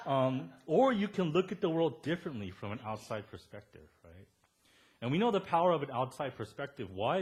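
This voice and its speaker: Male pastor, chatty sermon delivery with humor, very animated intonation. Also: mid-range voice. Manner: conversational, joking with the congregation. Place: church service before a congregation.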